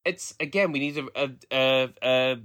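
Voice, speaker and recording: A man's voice: mid-range voice, moderate pace, a bit bright. A man from the Black Country chatting as a podcast co-host. He rambles and often restarts his sentences. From Black Country, England. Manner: rambling, with many restarts and fillers. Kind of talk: casual chat.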